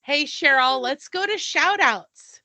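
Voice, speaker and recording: Speaking slowly and expressively, a woman in her fifties co-hosts a podcast with lively, casually profane chat. Her high voice has a sharp edge, and the recording carries no room sound.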